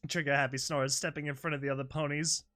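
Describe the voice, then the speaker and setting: High-voiced man reading a fan story. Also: flat delivery, fast talker, bright, forceful tone. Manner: laughs often and breaks off to react. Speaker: narrator and commentator.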